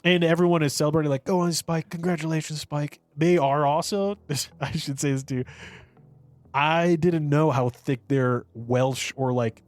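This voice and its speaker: A man's voice: on the high side, steady tone, a little slow, soft background music. A man co-hosting a podcast, reviewing a movie in casual, rambling chat full of fillers and restarts. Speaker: podcast co-host.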